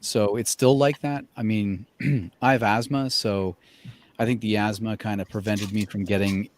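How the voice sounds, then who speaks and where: A man's voice: fairly low pitch, steady tone, normal speed, slight background noise. A man chatting as a guest, speaking thoughtfully and often restarting his sentences. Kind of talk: casual chat.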